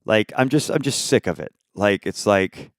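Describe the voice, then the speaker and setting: Guy ranting and swearing at his stream, lowish voice, dry close sound, loud then mumbling. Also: moderate pace, no echo. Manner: heated, profane, swings between shouting and muttering. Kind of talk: angry unscripted rant.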